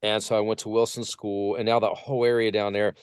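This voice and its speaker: A man's voice: fairly low pitch, quick pace, clear, resonant tone, no echo, studio quality. A man telling stories as a podcast guest, acting out the voices of people he quotes. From Portsmouth. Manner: lively anecdotes, acts out quoted voices. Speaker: podcast guest, vocal coach. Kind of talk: casual storytelling interview.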